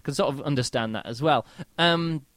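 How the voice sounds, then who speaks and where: A man's voice: medium pitch, moderate pace, fairly bright tone, no echo. A man giving a casual spoken book review, rambling and chatty, full of fillers and mock-quoted reactions.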